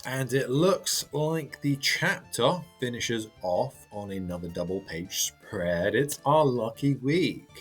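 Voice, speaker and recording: A man casually reading and reacting to a manga chapter, chatty and halting with lots of fillers. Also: mid-range voice, expressive, husky. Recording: faint background music.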